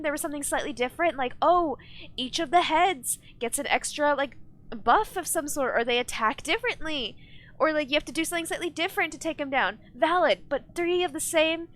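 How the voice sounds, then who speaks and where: A woman's voice: high-pitched, fairly quick, a bit bright. A young woman chatting casually on a live gaming stream, rambling, ranting now and then and reading chat aloud.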